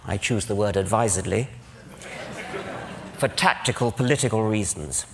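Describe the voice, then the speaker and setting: A man's voice: on the low side, slight background noise. An older man with an English accent giving a public lecture in a large auditorium, speaking precisely with dry irony. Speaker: conference speaker. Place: large auditorium with live audience.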